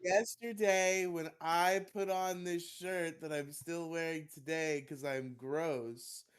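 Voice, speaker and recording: A man's voice: a little high, steady tone, takes it slowly, clear, resonant tone. A young man, congested and coughing, rambling and swearing casually as a podcast co-host. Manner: swears freely, rambling and defensive.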